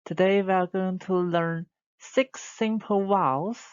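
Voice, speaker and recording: A woman's voice: medium pitch, steady tone, a little slow, a little mellow, clear, resonant tone, dull audio. A woman teaching Chinese tones and vowels, modeling each sound and asking listeners to repeat after her. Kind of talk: slow, deliberate classroom instruction.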